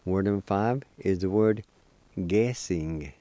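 A man teaching a language lesson as host of a weekly program. He spells words out syllable by syllable, repeats them slowly and encourages beginners to practice. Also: sits low, dark tone, no echo.

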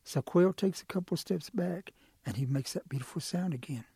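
A man telling a folk tale as a storyteller, relaxed and lively with fillers. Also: a little high, a little fast, gravelly, breathy edge, no echo, clean studio sound.

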